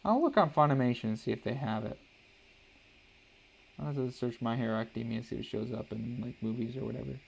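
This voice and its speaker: A young man with a gravelly, creaky edge to his voice talks to his stream while he sketches. He rambles, restarts his sentences and leans on filler words, keeping it casual and unhurried. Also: mid-range voice, lo-fi sound, a little hiss or hum. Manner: rambling, hesitant, full of restarts and "like". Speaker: artist streaming a drawing session. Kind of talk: casual live-stream chat while drawing.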